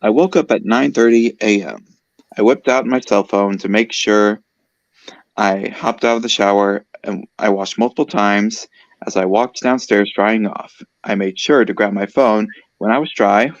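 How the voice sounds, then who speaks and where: Brief: low-voiced guy reading fan fiction aloud, casual and stumbling, dull lo-fi sound. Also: normal speed, no echo. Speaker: host.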